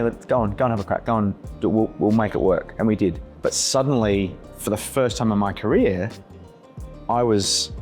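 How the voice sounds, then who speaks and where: Earnest man, lowish voice. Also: a little mellow. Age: 40s. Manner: slow, earnest, repeats words when searching. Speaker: actor guest. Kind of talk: reflective podcast conversation.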